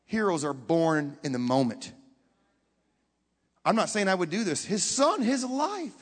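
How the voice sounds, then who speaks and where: A man with a high voice preaches with dramatic swings between hushed moments and loud outbursts. He keeps putting questions to the audience as he tells his story. His voice rings out with a long reverb, as in a large hall. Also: very animated, a little slow, slightly rough. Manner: talks directly to the audience with questions. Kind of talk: sermon.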